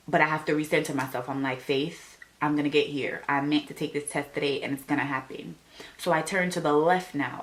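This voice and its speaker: A young woman vlogger telling an animated storytime, acting out the people she quotes. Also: low-pitched. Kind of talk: storytime vlog.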